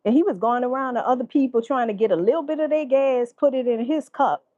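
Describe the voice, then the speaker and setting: A woman vlogger, telling a story in profane, animated casual commentary and laughing often. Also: sits high, fast, no room sound, highs cut off.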